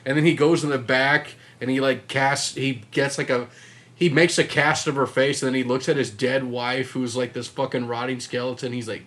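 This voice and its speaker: A young man co-hosting a podcast in casual chat, telling stories in a rambling way, swearing freely and acting out quotes in loud voices. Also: medium pitch, normal speed, background noise. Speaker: podcast co-host.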